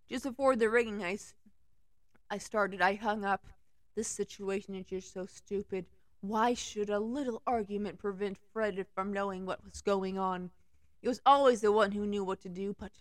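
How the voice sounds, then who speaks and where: A woman's voice: mid-range voice, fairly bright tone, no room sound, studio quality. A young woman reading fanfiction aloud in a casual way, breaking off for giggly, sarcastic asides. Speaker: fanfiction reader.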